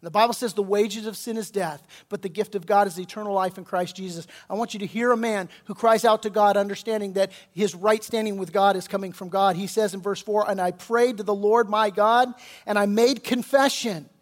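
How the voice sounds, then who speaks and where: A man pastor preaching a sermon with passion, his voice swelling loud and pleading when he quotes scripture and prayer. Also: high voice, fairly even intonation, fairly quick, hardly any pauses.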